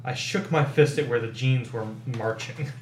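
A man, a guest on a podcast, reading a children's horror book aloud and overacting the shouted dialogue. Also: mid-range voice, moderate pace, a little hiss or hum. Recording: echoey room.

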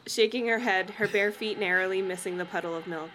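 A woman's voice: mid-range voice, fairly quick, hardly any pauses, fairly bright tone, a little hiss or hum, low-quality recording. A woman co-hosting a podcast, reading a book aloud and swearing casually between passages. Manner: swears casually, laughs easily. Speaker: podcast host.

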